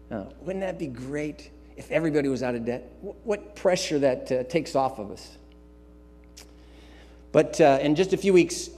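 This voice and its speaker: A man's voice: on the high side, a little mellow. Emphatic male pastor in a reverberant church. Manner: repetitive, emphatic preaching with asides and filler sounds. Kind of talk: sermon. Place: church sanctuary.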